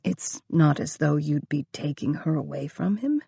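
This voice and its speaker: A woman reading the part of an earnest married man who speaks in a low, deep drawl and pleads his case. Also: expressive, moderate pace, creaky, warm tone, slightly rough, dry recording, exaggerated voice. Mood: pleading. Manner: persuasive, pleading.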